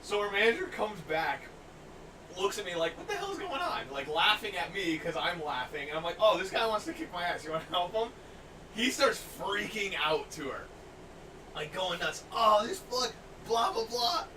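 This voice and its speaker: Young guy on a podcast, high bright voice, laughing thru his stories, kinda far from the mic with a bit of hiss. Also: moderate pace. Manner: animated, laughing, acts out quotes loudly. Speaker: podcast host. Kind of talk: casual storytelling chat. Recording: distant mic, faint noise.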